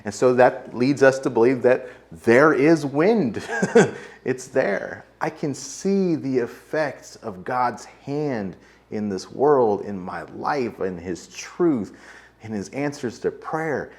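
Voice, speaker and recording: A man's voice: medium pitch, expressive, slow pace, darkish tone. A man with an American accent, a pastor preaching a sermon in a casual, conversational way, with frequent fillers. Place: church sanctuary.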